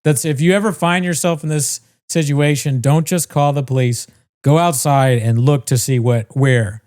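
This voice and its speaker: A man's voice: a little high, fairly even intonation, normal speed, a little mellow. A man co-hosting a podcast, casually telling a long story, swearing freely and mimicking the people in it. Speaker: podcast co-host.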